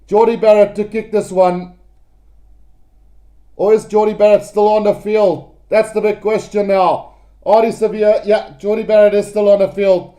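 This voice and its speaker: A man giving live play-by-play rugby commentary, excitable and addressing his viewers directly. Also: high voice, normal speed.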